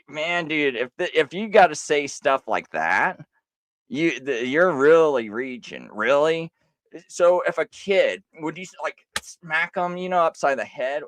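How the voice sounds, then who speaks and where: A male livestream host with a sarcastic, mocking edge, laughing as he argues. His pitch moves all over the place, rising high in disbelief and dropping low. The sound is dry and close. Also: a bit bright, no echo. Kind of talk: livestream rebuttal commentary.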